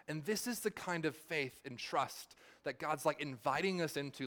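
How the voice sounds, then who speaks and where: A man in his thirties preaches with a somewhat high voice for a man. He talks loosely and chattily, full of fillers, as if telling a story to friends from the pulpit. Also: normal speed, hardly any pauses, a bit bright. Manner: casual storytelling, many "like" fillers. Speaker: pastor. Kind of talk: sermon.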